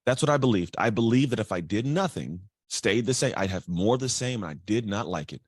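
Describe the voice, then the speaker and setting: A man telling his life story as a guest, energetic and chatty, acting out other people's voices. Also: lowish voice, brisk, slightly rough, no room sound, clean studio sound. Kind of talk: candid storytelling.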